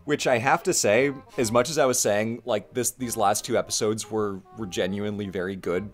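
A young man co-hosting a casual talk, recapping cartoon episodes with lively storytelling and acted-out quotes. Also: fairly low pitch, normal speed, soft background music. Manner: animated storytelling, acts out quotes. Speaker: co-host.

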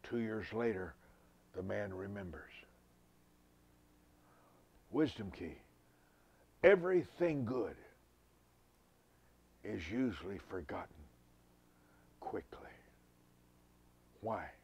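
A man preaching a sermon, swinging from loud outbursts to hushed whispers. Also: low voice, slow pace, vocal fry, pauses often, slightly rough.

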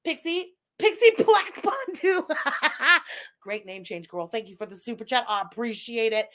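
A woman's voice: medium pitch, sing-song, normal speed, bright, forceful tone, slight background noise. A woman hosting a livestream with casual commentary, giggling often and talking in a crude, mocking way. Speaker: livestream host.

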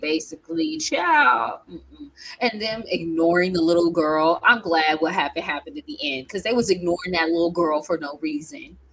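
Animated woman ranting with laughs. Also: lowish voice, gravelly, a little hiss or hum, poor audio. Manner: animated, laughs often, exclamatory. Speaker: video creator reviewing movies. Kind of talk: casual ranting review vlog.

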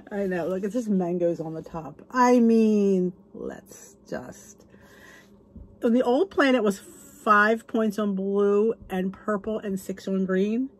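A woman speaks at a slow pace in a mid-range voice while reviewing a cookbook for her cooking channel. It's relaxed chat: she names recipes aloud, gushes about the food, and drops into a whisper from time to time.

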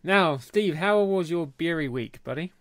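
A man hosts a relaxed beer-tasting podcast, bantering and laughing along as he goes. His voice sits a touch high, and the sound is dry and close with no room around it. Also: a little slow, no echo. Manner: jokey and teasing, laughs often. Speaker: podcast host. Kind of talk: casual chat.

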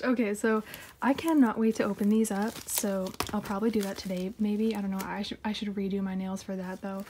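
A woman's voice: mid-range voice, fairly quick, a little hiss or hum. A young woman in casual chat, unboxing her K-pop haul on her floor at home and gushing, sometimes dropping to a whisper. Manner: gushing, excitable, drops to whispers. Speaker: K-pop collector vlogger.

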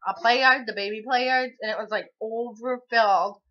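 A woman's voice: a little high, fairly even intonation, a little fast. Rambling young woman vlogger, lo-fi sound. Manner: rambling, forgetful, lots of fillers. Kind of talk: casual chat to camera. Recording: dull lo-fi home video sound.

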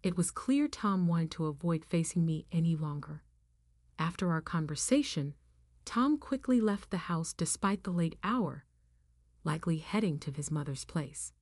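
A woman narrating a first-person story in a firm, even reading voice. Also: low-pitched, normal speed, no echo, clean studio sound.

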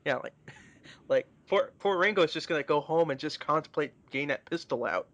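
A man's voice: fairly high pitch, animated, fairly bright tone. A man co-hosting a comedy podcast, reading fan fiction aloud and breaking in with crude, mocking asides. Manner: mocking, crude, quick asides between read passages. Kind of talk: casual comedic group reading.

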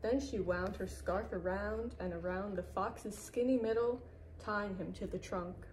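A woman reading a children's picture book aloud at an unhurried pace, the way a librarian does at storytime. Her voice is mellow and warm-toned, gentle and even in its telling. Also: medium pitch, a little hiss or hum, low-quality recording.

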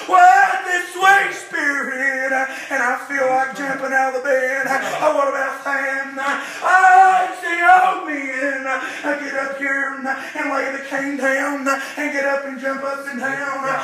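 A man preaching, chanting his sermon in bursts, with a sharp "uh" breath before each phrase. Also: very high voice, slight background noise. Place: church sanctuary. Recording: echoey church from far off.

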